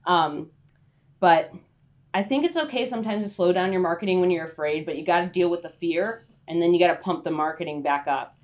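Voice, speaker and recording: A woman's voice: fairly low pitch, brisk. Chatty woman coaching on a livestream. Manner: chatty, many fillers, acts out inner voices. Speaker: freelance writing coach. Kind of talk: livestream talk.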